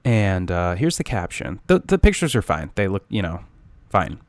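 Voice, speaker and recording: A man's voice: sits low, big pitch swings, normal speed, darkish tone, no room sound. A young man co-hosting a podcast, teasing his friend in profane, rambling casual banter full of fillers. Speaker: podcast co-host.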